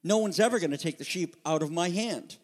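High-pitched guy preaching a sermon, fired up then hushed, church hall echo. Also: a little fast. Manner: impassioned, swings from loud emphasis to hushed intimacy. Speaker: pastor.

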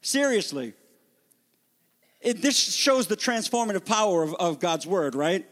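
Animated preacher in a reverberant hall. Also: male voice, sits high, measured pace. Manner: animated preaching, acting out the disciples' voices. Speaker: pastor. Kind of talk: sermon.

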